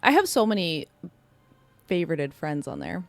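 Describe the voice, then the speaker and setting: A woman casually chatting as a live streamer, bubbly and excitable as she talks to her viewers. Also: lowish voice, normal speed, dry recording.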